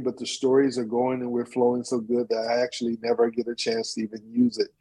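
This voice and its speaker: A man who is a storyteller and teaching artist, talking in an interview and performing a tale in an animated, playful way. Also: mid-range voice, creaky, slightly rough, poor audio. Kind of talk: interview chat and live storytelling.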